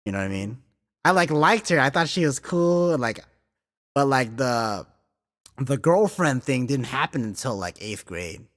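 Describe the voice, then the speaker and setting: A man's voice: mid-range voice, moderate pace, long reverb tail. A man in his thirties hosting a podcast, telling loose, profane stories full of filler words. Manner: animated and profane, heavy filler words, laughing through stories. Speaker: podcast host. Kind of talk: casual storytelling chat.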